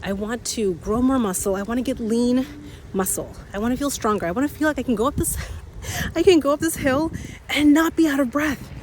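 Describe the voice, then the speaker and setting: A woman in her thirties with a slightly raspy voice, hosting an energetic motivational talk outdoors while a little out of breath from walking uphill. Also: fairly high pitch, fairly quick, a little hiss or hum. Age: 30s. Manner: energetic, repeats key phrases, laughs often. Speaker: podcast host and coach.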